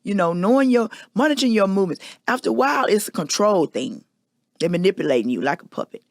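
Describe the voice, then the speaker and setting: A woman's voice: fairly low pitch, sing-song, fast, dry recording, clean studio sound. A woman hosting a podcast, telling a personal confession in a candid, emphatic storytelling manner. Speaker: podcast host.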